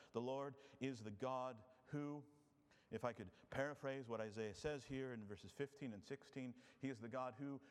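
A pastor delivers a sermon in an expressive way, swinging from loud, emphatic moments to quiet, low stretches. The sound has the spacious quality of a big room.

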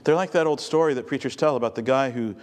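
A man's voice: medium pitch, quick pace. A man pastor delivering a sermon in a conversational, storytelling way to a congregation. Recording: long hall reverb.

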